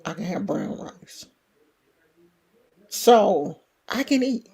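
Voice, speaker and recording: A woman's voice: medium pitch, animated, slow pace, vocal fry, dark tone, slightly rough. A woman in her sixties chatting frankly and casually as a vlogger, swearing freely and speaking in an earthy way. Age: 60s. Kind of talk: casual to-camera chat.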